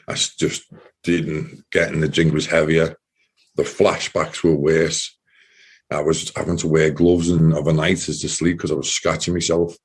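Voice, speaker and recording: A man, a former soldier, giving a personal account in an interview, talking earnestly and haltingly and often repeating his words. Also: extremely low pitch, flat delivery, breathy edge.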